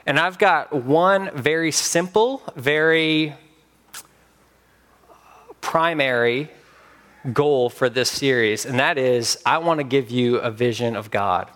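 A man preaching a sermon as pastor, emphatic with dramatic pauses. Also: mid-range voice, a bit bright.

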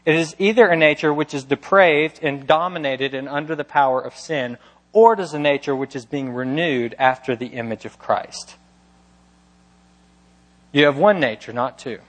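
A man's voice: fairly high pitch, normal speed, a bit bright, long reverb tail. A man preaching a sermon as pastor, emphatic and full of rhetorical questions.

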